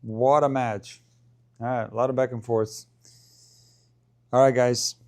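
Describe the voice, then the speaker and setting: A man streaming casual live commentary on a tennis match, chatty play-by-play that rises in excitement at big points. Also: mid-range voice, a little slow.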